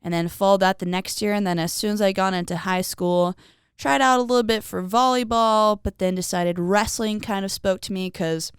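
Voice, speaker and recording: A young woman talking as a podcast guest, telling personal stories in a casual, animated way and acting out what people said. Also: mid-range voice, moderate pace, clean tone, dry recording, clean studio sound. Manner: animated, acts out quoted voices, frequent "like". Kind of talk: casual conversational storytelling.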